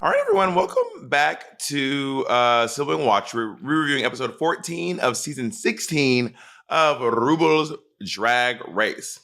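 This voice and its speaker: A man co-hosting a podcast in casual chat, teasing his co-host with sarcastic, deadpan asides. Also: mid-range voice, unhurried, gravelly, a little hiss or hum.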